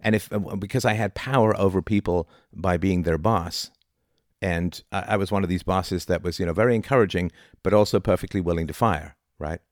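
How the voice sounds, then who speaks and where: A man's voice: sits low, fairly quick, no echo, studio quality. A middle-aged man giving an informal, argumentative philosophy talk, often tossing in rhetorical "right?" asides. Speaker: philosophy lecturer.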